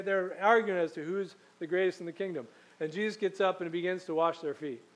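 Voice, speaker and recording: High-voiced man preaching a sermon. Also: poor audio. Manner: conversational storytelling, reads scripture aloud. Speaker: pastor.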